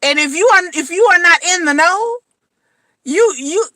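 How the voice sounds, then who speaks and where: A woman delivers a blunt, slangy vlog commentary, hammering her points home with repetition. Her voice sits high and sounds bright and forceful. The recording is dry and close. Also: lively intonation, moderate pace, no room sound. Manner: blunt, emphatic, slangy, repeats phrases. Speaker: reality TV commentator.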